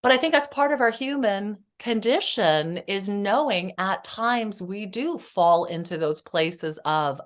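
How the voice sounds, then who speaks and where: A middle-aged woman speaking as a therapist guest on a podcast, earnest and spiritual, telling stories with lively energy. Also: mid-range voice, measured pace, few pauses. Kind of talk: casual podcast conversation.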